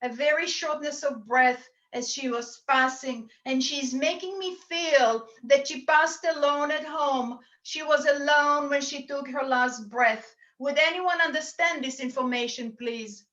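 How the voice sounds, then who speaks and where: High bright medium over dull video-call audio. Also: female voice, unhurried, hardly any pauses. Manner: earnest, relays messages in quoted speech. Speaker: spiritualist medium. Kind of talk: mediumship reading at a church service.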